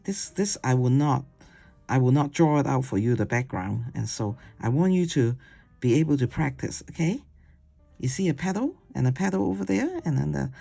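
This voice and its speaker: A watercolor instructor giving a casual painting demonstration, chatty and digressive, who coaxes gently and ends steps with "okay?". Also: medium pitch, vocal fry, slightly rough.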